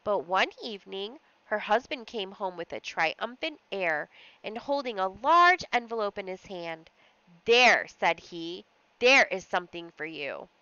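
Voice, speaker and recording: A woman reads a story aloud for a lesson, her voice bright and crisp. She brings expression to the reading and sometimes stops to explain a word. The recording is dry and a little dull. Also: medium pitch, normal speed, no echo. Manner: expressive reading with short asides and small slips. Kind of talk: read-aloud lesson narration.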